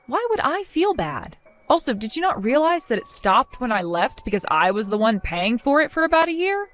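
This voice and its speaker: A woman voicing a fed-up young wife who answers her mother-in-law with mocking sarcasm, in an animated story drama. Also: fairly high pitch, normal speed, faint music behind. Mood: dismissive.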